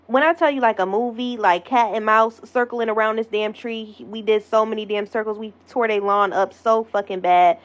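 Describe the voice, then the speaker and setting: A young woman telling a wild storytime in an animated, profane manner, acting out the voices she quotes. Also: medium pitch. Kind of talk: storytime monologue. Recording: slightly dull lo-fi audio.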